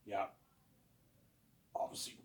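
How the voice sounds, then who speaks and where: Rambling, boastful man talking to camera. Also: takes it slowly. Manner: repetitive, boastful, keeps saying obviously; swings between loud bursts and mumbling. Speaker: vlogger. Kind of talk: rambling monologue.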